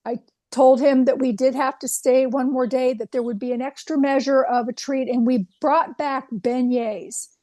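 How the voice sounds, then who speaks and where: A woman guest telling a personal anecdote in an interview, animated and quoting dialogue. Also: high-pitched, normal speed, no echo. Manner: animated anecdote with acted quotes. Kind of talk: storytelling in an interview.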